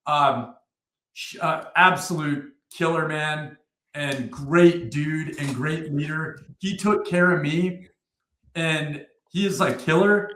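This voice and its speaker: A man's voice: on the high side, takes it slowly, a bit bright, a little hiss or hum. Blunt, profane man in an echoey room. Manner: blunt and profane, rambling with many fillers and restarts. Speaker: guest, retired army first sergeant. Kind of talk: casual interview storytelling.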